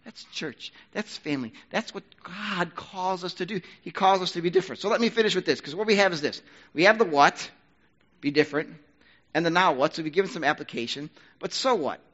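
A man preaching a sermon as pastor, talking conversationally and rising to loud, emphatic bursts. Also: high-pitched, brisk, muffled recording.

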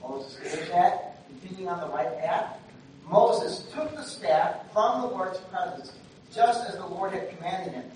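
A man preaching a sermon in a conversational way that swings between quiet asides and loud, emphatic bursts, recorded from far off in a very echoey church hall with faint noise. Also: high voice, animated, unhurried. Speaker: pastor.

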